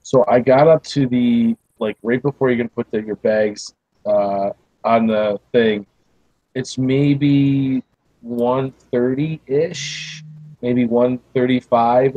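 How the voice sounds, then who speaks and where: A podcast host tells a long, rambling story in casual chat, restarting often and acting out the people he quotes. His mid-range voice is mellow, and the recording is dry and low in quality.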